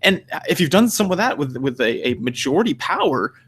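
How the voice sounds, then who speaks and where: Male podcast co-host, quick and rambling delivery, pitched a bit high, swears freely and voices the people he quotes. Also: sing-song, fairly bright tone, slight background noise. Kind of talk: casual podcast discussion.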